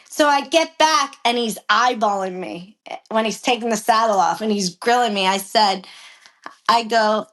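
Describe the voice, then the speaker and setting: A young adult woman, a professional jockey, telling a story in a podcast interview, animated and profane, acting out what people said. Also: a little high, unhurried. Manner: animated, profane, acts out quotes with raised voice.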